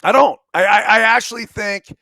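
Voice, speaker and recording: High, bright man in his forties, emphatic. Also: normal speed, gravelly. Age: 40s. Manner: emphatic, swears freely. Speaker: co-host, former baseball player. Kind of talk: casual chat.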